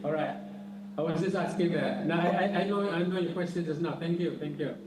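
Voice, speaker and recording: A man's voice: on the high side, a little fast, background noise. Man on an echoey call. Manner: repeats words, stammering restarts. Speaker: invited professor answering questions. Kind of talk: conference Q&A answer. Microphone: video call. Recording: echoey, distant video call audio.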